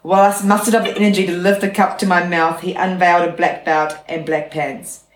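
For her podcast listeners, a woman with a fairly low voice reads aloud from a memoir at a brisk clip. She keeps a steady reading voice but breaks it up with chatty, laughing asides. The room sounds echoey.

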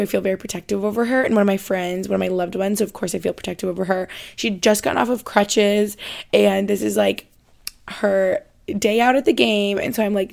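A woman's voice: medium pitch, creaky. A young woman hosting a podcast, telling a story in a chatty, rambling way and often correcting herself mid-sentence. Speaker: podcast host. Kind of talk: casual storytelling monologue.

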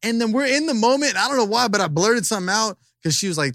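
A man's voice: sits high, lively intonation, fast talker, fairly bright tone, dry recording, studio quality. A young man telling rambling, self-deprecating stories with a laugh as a podcast guest in casual chat.

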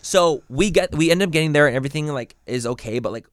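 A man's voice: on the high side, animated, fast, no room sound, clean studio sound. A young man co-hosting a podcast, telling a story in a rambling way with lots of fillers and swearing. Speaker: podcast co-host. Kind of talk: casual chat.

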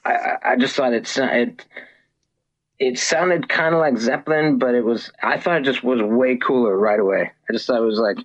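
A man, a musician guest, sharing opinions in casual chat, hesitant and measured. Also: mid-range voice. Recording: muffled lo-fi call audio.

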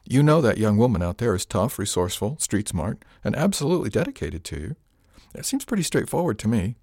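A man voicing a practical, supportive male ship officer who reasons briskly, in an audiobook. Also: lowish voice, big pitch swings, creaky, a little mellow, no echo, clean studio sound, voice pushed up, exaggerated voice. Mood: persuasive.

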